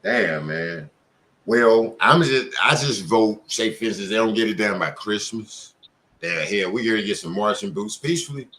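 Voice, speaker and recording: A man's voice: fairly low pitch, lively intonation, normal speed, pushed and bright. Blunt, profane male panel host. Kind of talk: heated casual panel talk.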